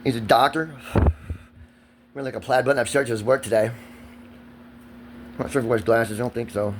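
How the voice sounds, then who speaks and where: A man's voice: medium pitch, steady tone, fairly quick, a little hiss or hum. A man, ranting in a profane, agitated and rambling vlog monologue recorded outdoors. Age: 40s.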